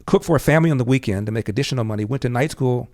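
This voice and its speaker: An older man, a podcast guest, telling a personal story in an animated way and acting out the voices of the people in it. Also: mid-range voice, racing, no room sound. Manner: animated storyteller who acts out quoted dialogue. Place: podcast studio.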